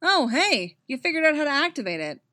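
A woman voicing a cocky, fast-talking male genius inventor who speaks through a small robot, flippant and teasing. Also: fairly high pitch, sing-song, fairly bright tone, no echo, clean studio sound.

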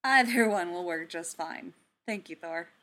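A woman voicing a patient male soldier who speaks softly, firmly and precisely. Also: on the low side, a little slow. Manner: soft, firm and even. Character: calm, patient male soldier, gently firm. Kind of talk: audiobook character reading.

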